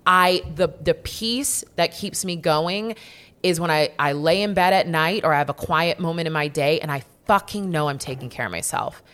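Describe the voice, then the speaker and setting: A woman with a notably low-pitched voice speaks frankly in a relaxed, casual conversation. She is a young adult who swears freely and stresses points by repeating words. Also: moderate pace.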